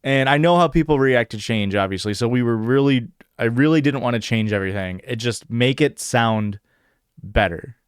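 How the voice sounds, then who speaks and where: A man's voice: mid-range voice, moderate pace, clean tone, no echo, clean studio sound. A man hosting a podcast in a casual livestream chat, rambling and hesitant, full of "like" and "um" fillers. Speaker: podcast host.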